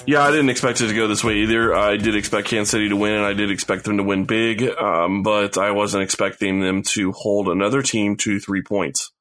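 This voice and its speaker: A man co-hosting a sports podcast, breaking down a game in a measured, deliberate, casual way. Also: lowish voice, fairly even intonation, fairly bright tone, soft background music. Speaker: podcast co-host.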